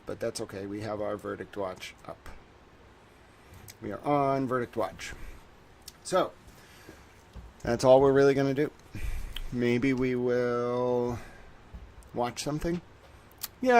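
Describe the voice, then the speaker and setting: A man's voice: lowish voice, vocal fry, slight background noise. A man hosting a casual livestream, rambling to his chat while he fiddles with on-screen settings. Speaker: livestream host.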